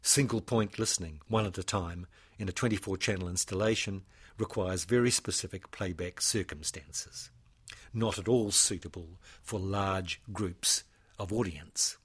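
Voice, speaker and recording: A man, a composer, presenting his own work in a measured, formal, read-out lecture. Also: low-pitched, slightly rough.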